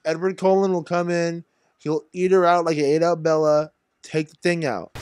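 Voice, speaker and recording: A young man hosting a reaction video, exclaiming loudly and swearing often in casual commentary. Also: high voice, normal speed, slight background noise. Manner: loud, excitable, profane exclamations.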